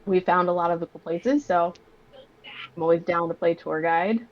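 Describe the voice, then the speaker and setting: A chatty, enthusiastic woman talks casually as a podcast guest. Her voice sits a little low and comes through dull and lo-fi, like remote call audio. She sounds relaxed and open. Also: normal speed. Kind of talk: casual chat.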